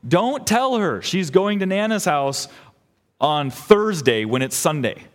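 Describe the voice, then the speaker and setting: A man's voice: on the high side, big pitch swings, measured pace. A young adult man preaching a sermon as pastor, earnest and emphatic, building in intensity. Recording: long hall reverb.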